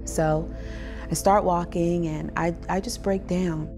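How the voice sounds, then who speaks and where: A woman with a slightly low voice tells her story in an interview. She narrates vividly and acts out the voices of the people in it. Music plays clearly beneath her. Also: fairly even intonation, slow pace. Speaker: trafficking survivor telling her story. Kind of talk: personal testimony interview. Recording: music bed underneath.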